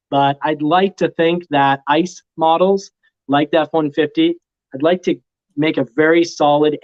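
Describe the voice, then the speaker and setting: A man joining a live chat as a guest car reviewer over a remote call, explaining things quickly and with confidence. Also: a little high. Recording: dull lo-fi call audio.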